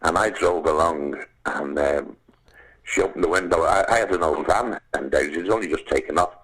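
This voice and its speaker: An older man with a Liverpool accent, telling anecdotes as a podcast guest, animated and calling the listener "lad". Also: low voice, fairly quick, poor audio. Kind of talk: casual storytelling.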